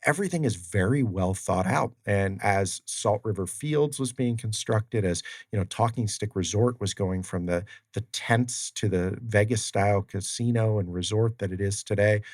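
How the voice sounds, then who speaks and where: A man's voice: lowish voice, a little mellow, dry recording, clean studio sound. A man who works in tribal community development, talking casually as a guest in an interview and acting out the exchanges in the stories he tells. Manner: storytelling, acts out quoted exchanges, many fillers. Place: studio. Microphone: studio mic.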